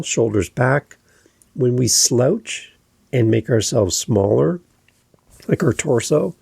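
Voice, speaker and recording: A man's voice: medium pitch, vocal fry, warm tone, slightly rough, no room sound. A man hosting a podcast lesson, explaining delivery tips step by step and demonstrating inflection with examples. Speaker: podcast coach. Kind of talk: instructional podcast talk.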